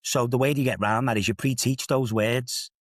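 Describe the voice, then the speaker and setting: A man's voice: medium pitch, fairly even intonation, normal speed, dry recording, clean studio sound. A man in his fifties with a Liverpool accent, an assistant head teacher telling stories with emphatic, rhetorical asides in a podcast discussion. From England.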